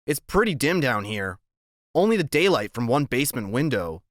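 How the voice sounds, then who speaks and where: A man's voice: mid-range voice, big pitch swings, normal speed, no echo, clean studio sound. A man narrating an audiobook in the first person, with a casual, plain-spoken storytelling manner.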